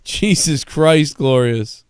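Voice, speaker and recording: A man's voice: a little high, slow pace, a little mellow, clean tone, no room sound, studio quality. A young adult man chatting crudely on a live show, tired and drunk, rambling and swearing with lots of laughs. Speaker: podcast co-host. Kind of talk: crude casual banter.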